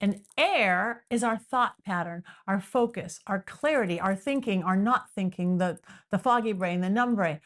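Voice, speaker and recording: A middle-aged woman from Southern California, a psychic medium guest on a podcast, explaining in an animated casual way with frequent restarts. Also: medium pitch, normal speed.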